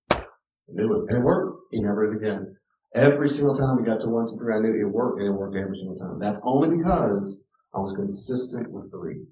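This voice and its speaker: A man's voice: lowish voice, dark tone. A middle-aged man teaching a parenting class, telling stories about raising his son and repeating words for emphasis. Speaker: teacher giving a parenting talk. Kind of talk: lecture with personal stories. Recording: roomy and distant, dull archive recording.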